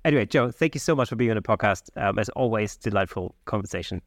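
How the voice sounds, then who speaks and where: A man's voice: lowish voice, quick pace, no room sound, studio quality. A man from Germany, hosting a podcast with a friendly, upbeat manner. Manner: lively, friendly, upbeat sign-off. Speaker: podcast host. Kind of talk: podcast conversation and outro.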